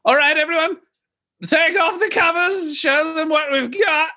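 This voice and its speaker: A man's voice: extremely high pitch, unhurried, sharp tone, pitched above the performer's own voice, heavily acted. A man voicing a flamboyant, vain young noble heir with an airy, self-satisfied manner. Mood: commanding.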